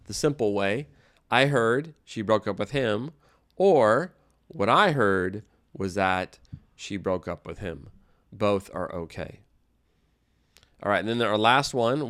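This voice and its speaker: Guy teaching english grammar, laid back, lots of uhs, smooth low-ish voice. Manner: relaxed and explanatory, with fillers and restarts. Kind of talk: explaining grammar to learners.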